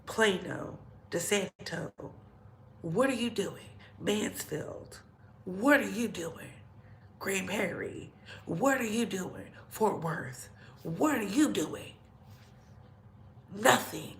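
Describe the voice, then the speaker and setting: A woman's voice: mid-range voice, animated, slow, long pauses, a little hiss or hum. A woman vlogger ranting bluntly and profanely in heated commentary, in an echoey room.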